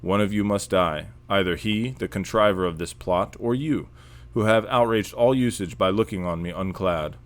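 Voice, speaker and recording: A man's voice: fairly low pitch, moderate pace, lightly acted. A man reading aloud the lines of a wronged, proud queen who gives a stern ultimatum.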